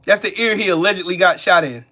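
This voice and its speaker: A man's voice: sits high, quick pace, pushed and bright. A man hosting a casual livestream commentary, mocking and profane, repeating his jabs. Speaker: channel host.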